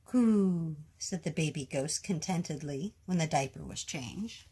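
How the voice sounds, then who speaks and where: A woman reading a children's picture book aloud, slow and expressive, giving the characters their own voices. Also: deep voice, breathy edge. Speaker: storyteller.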